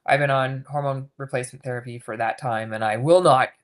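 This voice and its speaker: A woman in her fifties with a low voice talks openly and casually in a podcast interview. She tells her story in a lively way and acts out the lines of others. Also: fairly quick. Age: 50s. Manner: candid, animated storytelling with acted quotes. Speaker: guest coach.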